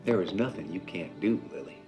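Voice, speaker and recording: A supportive husband, speaking softly and gently to his wife late at night. His voice is very deep. Faint film music plays under the scene. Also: animated, a little fast. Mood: gentle. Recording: film audio with soft music.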